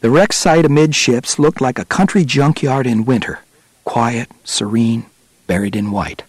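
A man narrating a nonfiction adventure audiobook in a steady, measured storytelling manner. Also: medium pitch, husky, no echo.

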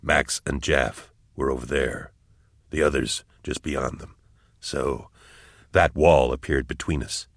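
A man voicing a steady, calm male soldier who speaks low and quietly, at times whispering. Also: slow pace, vocal fry, no echo, clean studio sound, exaggerated voice.

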